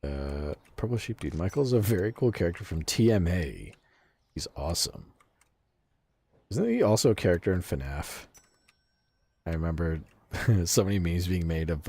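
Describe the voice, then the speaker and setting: A man's voice: low voice, warm tone. A man streaming a game and casually chatting with his viewers, swearing freely and laughing often. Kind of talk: casual game livestream chat, reading chat aloud.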